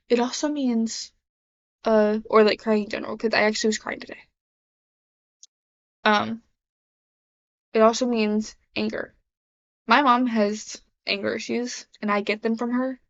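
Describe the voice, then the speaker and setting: Young woman, confessional vlogger; rambling, hesitant delivery, flat high-ish voice. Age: young adult. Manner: rambling, halting, many fillers and restarts. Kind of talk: casual confessional vlog. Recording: dull lo-fi sound.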